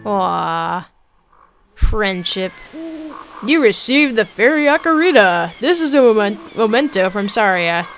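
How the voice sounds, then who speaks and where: A woman's voice: medium pitch, big pitch swings, slow. Chatty young woman gaming over music. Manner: chatty, joking, swears, stammers. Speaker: gameplay streamer. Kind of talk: casual let's play commentary. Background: game music.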